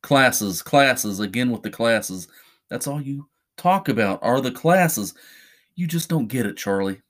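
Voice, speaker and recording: A man's voice: medium pitch, expressive, unhurried, natural voice. A man voicing a cruel, controlling man in a horror story reading, scornful and menacing.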